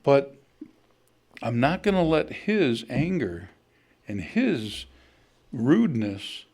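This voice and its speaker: A man's voice: medium pitch, very animated, takes it slowly, a little mellow. A middle-aged man, preaching a conversational sermon to his congregation and telling stories. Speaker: pastor.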